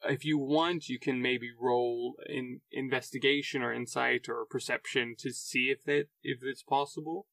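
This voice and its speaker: A man's voice: medium pitch, steady tone, vocal fry, fairly bright tone, no echo, far from the mic. A man running a tabletop game as game master, laughing often and restarting sentences. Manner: laughing often, restarts mid-sentence, puts on quick character voices.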